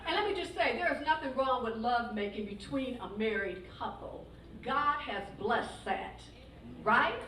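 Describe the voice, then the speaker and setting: A woman's voice: a little high, animated, unhurried, pushed and bright. A middle-aged woman doing stand-up comedy, sassy and chatty, teasing the audience about marriage and motherhood. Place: large hall with live audience. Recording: echoey hall from far off, crowd laughter and noise.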